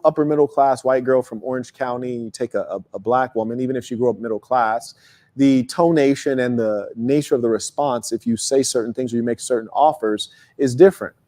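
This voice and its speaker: Animated, profane man speaking live. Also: fairly high pitch. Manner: animated, profane storytelling with acted-out quotes. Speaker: host and speaker. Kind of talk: live talk to an audience.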